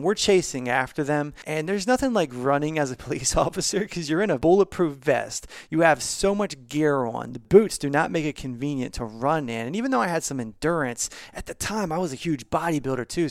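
A man who hosts a podcast and is a former police officer, telling his stories in a candid, energetic, conversational way. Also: medium pitch, no room sound, clean studio sound. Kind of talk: storytelling monologue.

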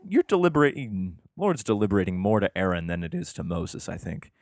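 A man's voice: low voice, sing-song, a little mellow, no echo, clean studio sound. A man reading scripture aloud and breaking off into profane, rambling, sarcastic asides in casual commentary. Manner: slow emphatic reading of scripture passages.

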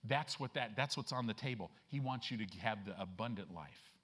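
A male pastor delivering a church sermon in a folksy, conversational way. He keeps checking in with his listeners and leans hard on key lines, slowing down and rising in pitch as he drives them home. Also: expressive, a bit bright, husky. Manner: folksy, emphatic preaching with frequent "right?" checks; slows and rises in pitch and volume to stress scripture.

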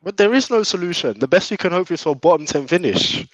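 A man's voice: high voice, lively intonation, brisk, no echo, low-quality recording. A man in a heated casual chat about his football club, scornful and often laughing. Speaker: football fan panelist.

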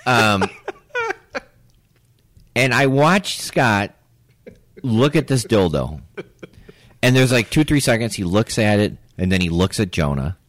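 A man on a podcast telling a rowdy story in casual chat, often laughing and stumbling over his words. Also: lowish voice. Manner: animated, laughing, halting restarts. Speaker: podcast co-host.

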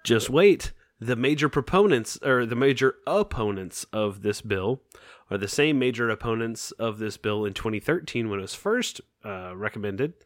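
A man's voice: mid-range voice, expressive, normal speed, no room sound. A young man hosting a casual podcast, ranting with profanity and sarcasm into a close studio mic. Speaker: podcast host.

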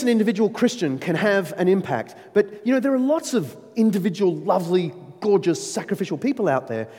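A man preaching a sermon, emphatic and animated, with playful asides to his listeners. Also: high voice, slightly rough. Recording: long reverb of a large hall.

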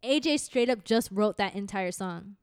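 Clear-voiced young woman, eager and chatty. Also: medium pitch, lively intonation, normal speed, no echo, studio quality. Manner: enthusiastic, explains at length, sings snippets. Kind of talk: casual fan chat about a music duo.

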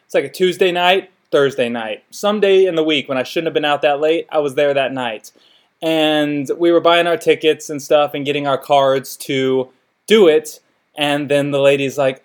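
A young man hosting a podcast in a loose, rambling monologue. His voice sits a bit high for a man, and he keeps laughing at his own awkward stories and making fun of himself. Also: steady tone, normal speed, smooth. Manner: rambling, self-deprecating, laughs often. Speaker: podcast host. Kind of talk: casual comedic monologue.

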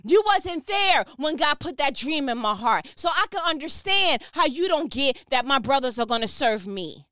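A woman's voice: high voice, very animated, normal speed, few pauses, a bit bright, no room sound, studio quality. A woman preaching with fervent, emphatic energy, dropping slang and firing repeated questions, speaking over a phone. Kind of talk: motivational preaching.

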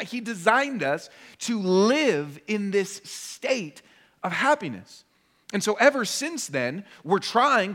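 A man's voice: fairly high pitch, bright, forceful tone. A man preaching a sermon as pastor, conversational and jokey, acting out little voices as he goes. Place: church.

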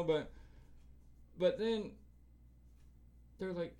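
Expressive and a bit mellow, this man's mid-range voice moves at a normal speed. As a middle-aged co-host on a podcast, he rambles through a lengthy, cursing-filled tale packed with filler, voicing other people's quotes during casual conversation.

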